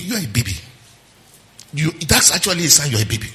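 Preaching pastor, lively and bright. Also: male voice, fairly high pitch, fast, big-room sound. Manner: preaching with call-and-response and acted-out quotes. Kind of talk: sermon.

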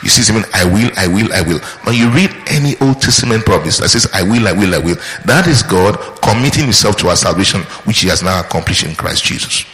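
Echoey preacher man, lively delivery. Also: fairly low pitch, fast talker, hardly any pauses. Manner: emphatic, repeats key points, asks the congregation questions. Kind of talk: sermon. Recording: echoey hall with long reverb.

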